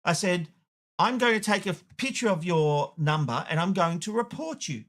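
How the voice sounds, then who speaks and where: Aussie bloke on tv having a rant, tells stories doing all the voices, fairly high voice. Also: male voice, expressive, normal speed, a bit bright. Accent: Australian. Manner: blunt, storytelling with acted-out dialogue. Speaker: TV host. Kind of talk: opinion rant to camera.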